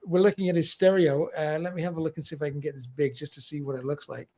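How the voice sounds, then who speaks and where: A man co-hosting a music livestream talks in a lively, animated way and laughs often. His voice sits high. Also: fast talker. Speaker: livestream co-host. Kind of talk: casual chat.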